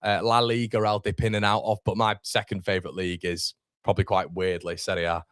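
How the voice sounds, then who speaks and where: A man's voice: low-pitched, flat delivery, brisk, clear, resonant tone, no echo, clean studio sound. A young man hosting a live football watchalong, chatting casually with viewers and calling them mate. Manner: chatty, calls viewers mate, reads out chat.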